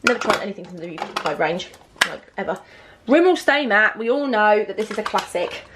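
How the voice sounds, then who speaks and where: A young woman, chatting excitedly through her makeup collection with lots of fillers and asides. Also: medium pitch, a little fast, heavy background noise. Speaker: beauty vlogger. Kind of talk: casual makeup collection vlog.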